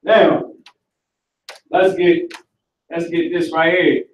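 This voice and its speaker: A man with a fairly high voice teaches a live online class, lecturing slowly in a casual, slangy way and keeping his tone level. He sounds echoey and far from the mic.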